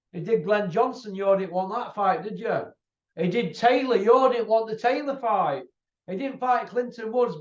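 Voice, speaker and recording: A high-voiced man rants and taunts in a combative, repetitive way. His voice sits off the mic in an echoey room. The recording sounds dull and lo-fi. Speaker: channel host. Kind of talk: ranting monologue to camera. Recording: roomy, distant, dull lo-fi sound.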